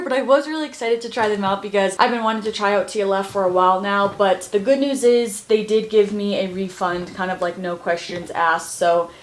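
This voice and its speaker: A woman fitness vlogger chatting casually to camera, encouraging and peppered with "like", filmed on a handheld camera. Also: medium pitch. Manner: chatty, heavy use of "like", encouraging. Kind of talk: casual vlog chat.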